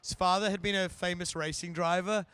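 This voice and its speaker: Animated, smooth-voiced man telling stories. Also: sits high, a little fast. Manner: animated storyteller, slips into silly voices. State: tired, short on sleep. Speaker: actor guest. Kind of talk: convention interview anecdotes.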